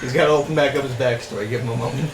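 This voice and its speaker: A man's voice: mid-range voice, rapid-fire, roomy sound, noisy background. A man playing a tabletop game who keeps teasing and joking with the others. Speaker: player. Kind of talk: casual tabletop game chat.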